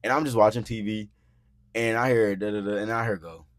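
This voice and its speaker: A young man hosting a podcast, telling a story in casual, profane talk, acting out quotes loudly and filling his speech with "bro" and "like". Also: on the low side, fairly even intonation, fairly quick, no echo, studio quality. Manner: frequent filler words like "bro" and "like". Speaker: podcast host. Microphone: podcast mic.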